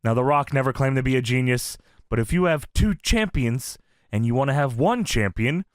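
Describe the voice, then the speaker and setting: A man co-hosting a casual wrestling review podcast, animated and profane, laughing often and reading promos aloud. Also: medium pitch, moderate pace, dry recording, studio quality. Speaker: podcast co-host.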